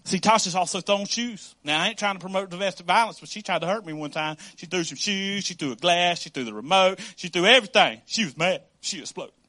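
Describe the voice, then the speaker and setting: High-voiced bright pastor preaching. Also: male voice, fast talker, few pauses. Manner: storytelling with laughs and acted quotes. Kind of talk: sermon.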